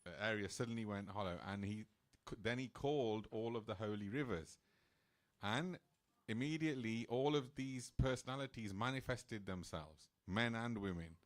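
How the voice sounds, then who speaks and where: Low-voiced man telling a temple story. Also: moderate pace. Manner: casual, chatty storytelling with restarts. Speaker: temple speaker. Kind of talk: sermon storytelling. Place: temple hall.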